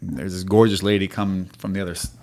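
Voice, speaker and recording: A man sits in a studio and chats casually. He tells stories in an animated way and swears often. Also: sits low, quick pace. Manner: animated storyteller, swears freely. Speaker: podcast guest. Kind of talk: casual chat.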